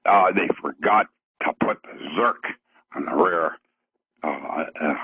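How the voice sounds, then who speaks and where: A man's voice: very deep voice, takes it slowly, slightly rough, no room sound, phone-quality sound. An older man, a guest on a radio show, calling in by phone and talking enthusiastically and in technical detail, with frequent fillers and chuckles.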